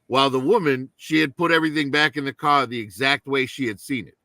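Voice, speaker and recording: Male co-host, bright voice, conversational storyteller who checks in with "right?". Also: medium pitch, quick pace, no echo. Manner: storytelling with frequent "right?" tags. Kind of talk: casual chat.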